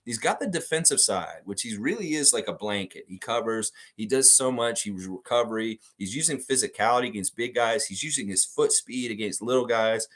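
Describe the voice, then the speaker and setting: Animated man ranting about basketball. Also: medium pitch, fairly quick, hardly any pauses. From United States. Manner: animated, emphatic, blunt, with frequent cursing. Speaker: sports fan show host. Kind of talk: casual live stream commentary.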